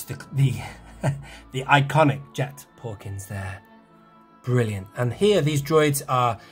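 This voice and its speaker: A man chatting casually as a toy collector vlogger, enthusiastic and rambling, correcting himself as he walks through his display room at home. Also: mid-range voice. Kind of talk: casual walkthrough chat.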